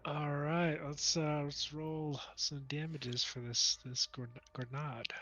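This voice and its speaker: A man playing at a tabletop game, talking in a somewhat high, bright voice. He drawls his words out very slowly and sounds easily amused as he chats between dice rolls. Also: level tone, dull audio. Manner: easily amused, drawn-out and unhurried. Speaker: player. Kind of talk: casual tabletop game chat.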